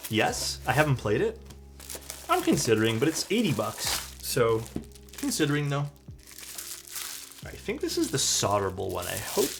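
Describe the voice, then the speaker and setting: Man streaming a keyboard build, chatty and animated, with quiet music in the background. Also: on the high side, gravelly. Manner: chatty, answers chat questions, trails off and restarts. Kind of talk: casual livestream chat while building.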